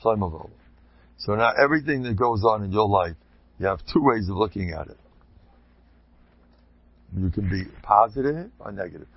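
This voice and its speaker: A man, a rabbi, giving an informal talk to a group, an animated, joking storyteller who sprinkles in Yiddish and Hebrew terms. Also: on the low side, moderate pace, long pauses, husky, no echo, muffled recording.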